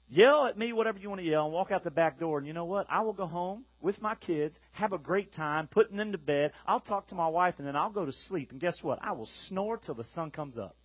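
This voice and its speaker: A man in his thirties, a youth pastor giving a jokey, energetic sermon and playfully acting out the voices he quotes. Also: sits high, no room sound. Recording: dull lo-fi recording.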